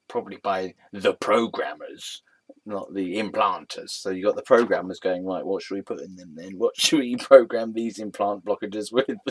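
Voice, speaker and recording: A man reading a web page aloud and mocking it, often breaking into laughter and mock-dramatic outbursts. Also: mid-range voice. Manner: giggly, keeps breaking into laughter.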